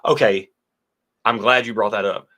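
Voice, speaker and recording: Fairly low in pitch, with a bright, forceful tone and fairly even intonation, this American man speaks at a moderate pace. He co-hosts a laid-back whiskey livestream, chatting and reading out comments from viewers.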